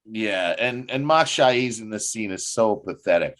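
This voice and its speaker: Animated male host, quick laughs. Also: lowish voice. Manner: animated, laughs often, jumps into quoted voices. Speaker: podcast host. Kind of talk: casual episode review chat.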